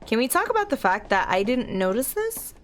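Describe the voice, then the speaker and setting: Bubbly young woman streamer, slightly high voice. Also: sing-song, a little fast. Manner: bubbly, giggly, gushes at chat. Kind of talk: casual gameplay commentary.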